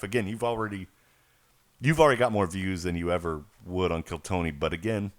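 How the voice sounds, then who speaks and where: A man's voice: deep voice, quick pace. A man hosting a podcast in casual chat, rambling and profane as he tells stories. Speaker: podcast host.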